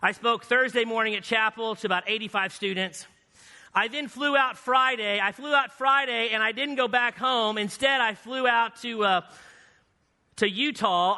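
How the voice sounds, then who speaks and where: A man with a high, bright, forceful voice tells a story from a church pulpit. His delivery is lively and anecdotal, full of playful asides, and his words ring out with the long reverb of a large church hall. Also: moderate pace. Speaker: guest speaker. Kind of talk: storytelling sermon. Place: church sanctuary.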